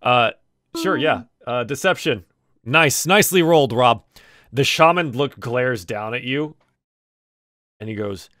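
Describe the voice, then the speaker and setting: A man narrating as game master of a tabletop game, speaking haltingly with frequent restarts. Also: medium pitch, lively intonation, a bit bright, no room sound, clean studio sound.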